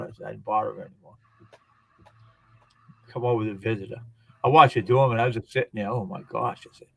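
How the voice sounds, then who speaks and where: A man's voice: mid-range voice, fast, pauses often, a bit bright, no echo. A man chatting casually, telling rambling everyday anecdotes as a guest on a live stream. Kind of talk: casual chat.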